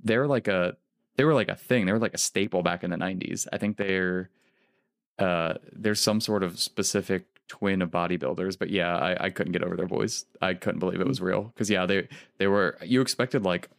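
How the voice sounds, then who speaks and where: A man's voice: deep voice, normal speed, vocal fry, dry recording, clean studio sound. A man co-hosting a casual podcast chat, rambling and playfully acting out quotes. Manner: rambling, restarts often, playful quoting. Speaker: podcast co-host.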